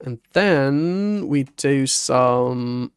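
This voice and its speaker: A man's voice: medium pitch, lively intonation, extremely slow, clean tone, no room sound, studio quality. A man streaming a building game, talking to himself and humming little sound effects as he works. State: hiccuping. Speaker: Minecraft streamer. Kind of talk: casual gameplay commentary.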